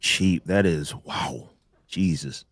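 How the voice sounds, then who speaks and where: A man hosting a casual livestream panel, talking in halting, rambling sentences with many restarts. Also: sits low, a bit bright. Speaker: stream host.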